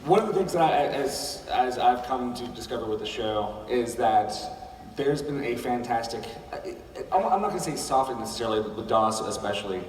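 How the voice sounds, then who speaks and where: A man's voice: mid-range voice, expressive, normal speed, a little hiss or hum. A man in a convention audience asking a rambling, hesitant question. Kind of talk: casual fan question. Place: large convention hall. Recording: echoey hall from far off.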